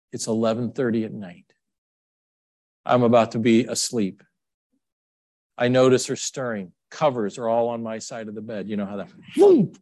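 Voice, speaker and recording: A man preaching a sermon, telling stories with lively swings into a high excited voice. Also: no room sound. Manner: animated storytelling, jumps to high excited pitch. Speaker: pastor.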